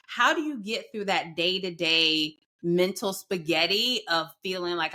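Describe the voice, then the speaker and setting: A woman's voice: lowish voice, normal speed, few pauses, pushed and bright. A woman hosting a podcast interview, asking questions and sharing advice in an earnest, affirming way, with long run-on thoughts. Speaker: podcast host.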